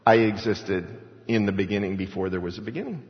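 A man's voice: fairly low pitch, expressive, fast talker. A man preaching a sermon in a conversational way, asking rhetorical questions and chuckling as he explains scripture. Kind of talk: sermon with Bible reading. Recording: echoey hall, dull lo-fi sound.

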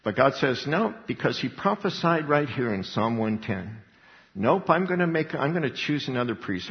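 A man delivers a sermon with animated preaching, sometimes acting out pleading voices. His voice carries a long reverb from a large hall. The sound is dull and lo-fi. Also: medium pitch. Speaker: pastor.

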